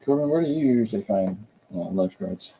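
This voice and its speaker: A man's voice: lowish voice, animated, fairly quick, warm tone, husky, poor audio. A man streaming a comic drawing tutorial, rambling casually and chatting with viewers and a pet as he draws.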